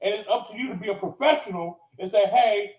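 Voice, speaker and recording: Angry guy going off on a rant, high voice, echoey room, kinda muffled. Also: fast, distant mic. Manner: profane, furious, heated. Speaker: podcast regular. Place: cigar lounge, live on location.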